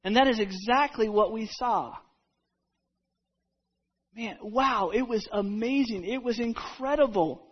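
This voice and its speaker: A woman retelling a Bible story in the first person as a disciple, halting and repeating herself, dropping to a hush and then rising loud. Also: on the high side, slightly rough. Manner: halting, with repeated words and restarts; dramatic swings between hushed and loud. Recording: dull lo-fi recording.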